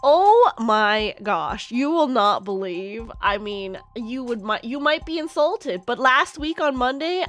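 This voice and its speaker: A giggly woman streamer chatting with her chat, excitable and self-deprecating. Her voice runs fairly high, with faint music in the background. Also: slow pace, few pauses. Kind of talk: casual chat with livestream viewers.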